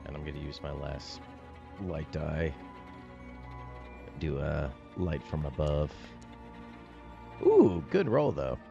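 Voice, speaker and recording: A laid-back man with a gravelly voice, playing a tabletop game and swearing casually. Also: a bass voice, flat delivery, slow, long pauses, highs cut off, over music. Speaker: player.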